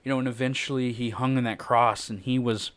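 A man preaching an informal sermon, conversational and halting, with many fillers and restarts, acting out quoted lines. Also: medium pitch, fairly even intonation, a bit bright, dry recording. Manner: acts out quoted lines with raised voice.

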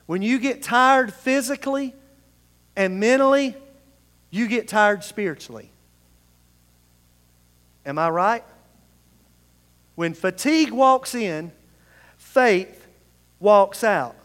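With lively intonation, a slow pace, and frequent pauses, a male pastor preaches in a high, somewhat bright voice. The congregation reads scripture aloud with him in call-and-response inside a church sanctuary whose large-hall reverb carries long.

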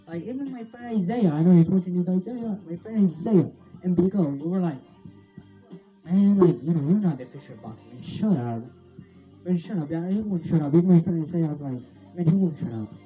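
A young vlogger rants casually in a high-pitched, lively voice at a fairly quick clip. He rambles, repeats himself, and laughs and swears often. The audio is tinny, like a phone, with faint music behind him.

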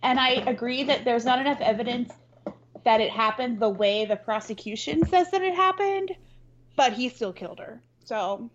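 A woman's voice: a little high, animated, normal speed, slight background noise. Woman podcast cohost, swears a lot, laughs a lot, kinda dull lo-fi call sound. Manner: blunt, swears freely, laughs often. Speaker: podcast co-host. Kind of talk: casual chat. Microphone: video call.

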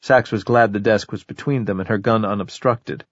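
A man narrating a crime novel audiobook in a measured, even storytelling manner. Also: fairly low pitch, no room sound, muffled recording. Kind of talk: scripted narration.

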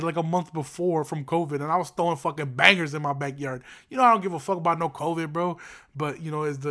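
A man's voice: a little high, bright, forceful tone. A young man hosting a podcast, ranting in a casual, profane, slang-heavy way with many fillers and restarts. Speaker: podcast host. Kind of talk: casual opinion rant.

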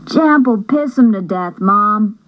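A woman's voice: mid-range voice, animated, lo-fi sound. A woman voicing two rowdy young brothers trading goofy, teasing jokes. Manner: fast, goofy, teasing banter.

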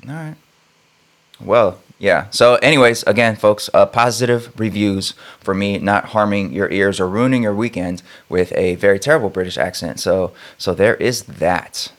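A man co-hosts a casual podcast in a voice pitched a little on the low side. He keeps things loose and easygoing, tossing in jokes and friendly agreement. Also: moderate pace. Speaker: podcast co-host.

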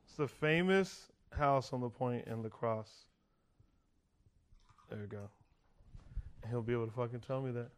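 A man's voice: mid-range voice, unhurried, long pauses, smooth. Profane storytelling man, comedian guest. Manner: profane, rambling, acts out quoted voices. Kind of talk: casual podcast storytelling.

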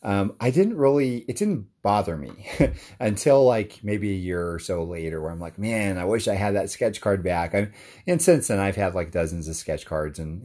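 A man's voice: low voice, darkish tone. A man talking casually and enthusiastically to his audience, rambling with lots of fillers and restarts. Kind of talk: casual monologue.

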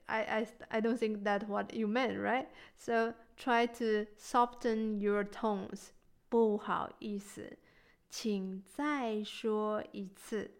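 A woman teaching a language lesson, patient and encouraging, who says each word slowly and repeats it for learners. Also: mid-range voice, smooth. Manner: gentle, encouraging.

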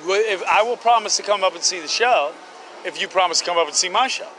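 A man in loud, rambling, crude street chat as a guest on an outdoor podcast. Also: sits high, fast talker, soft background music. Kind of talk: rowdy casual street chat. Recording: street noise behind.

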